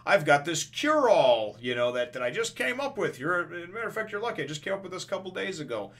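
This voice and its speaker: A man's voice: fairly high pitch, sing-song, fast, a bit bright, pitched above the performer's own voice. A man voicing an eccentric, cheerful male quack doctor who brags about his cure-all. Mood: eager boasting.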